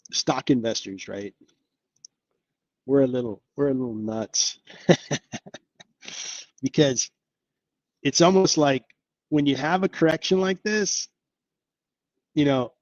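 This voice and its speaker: A man's voice: medium pitch, dry recording, highs cut off. A man hosting an investing live stream, talking casually and upbeat, thinking aloud with lots of fillers. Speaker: investing channel host.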